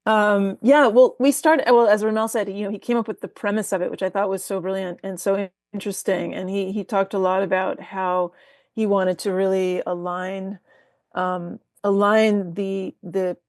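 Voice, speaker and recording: A woman's voice: mid-range voice, flat delivery, normal speed, darkish tone, dry recording. Woman screenwriter, articulate, dry close sound. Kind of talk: Q&A answers over video link. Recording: remote video call audio.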